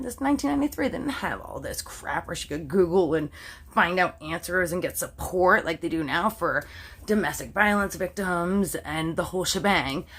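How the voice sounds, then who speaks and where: A Canadian woman recounts a true crime case straight to her audience. She talks in a loose, animated, conversational way, with filler words everywhere. She keeps catching herself mid-swear and softening it. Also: fairly low pitch. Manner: chatty, animated, heavy use of "like", self-censoring swears. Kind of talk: casual storytelling to camera.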